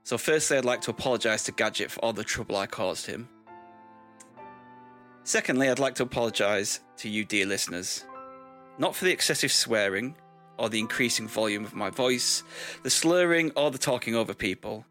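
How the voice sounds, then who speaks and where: Podcast guy doing a big dramatic apology bit, voice swooping all over, bright tone, bit of music underneath. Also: medium pitch, expressive, normal speed. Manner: theatrical, mock-solemn, building to loud whoops. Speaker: podcast host. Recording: faint music behind.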